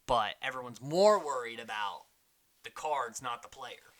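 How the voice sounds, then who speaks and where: Chatty bright-voiced man recapping a show. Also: mid-range voice, a little slow. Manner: chatty, animated, quotes people in mimicking voices. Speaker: podcast host recapping a reality show. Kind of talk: casual recap commentary.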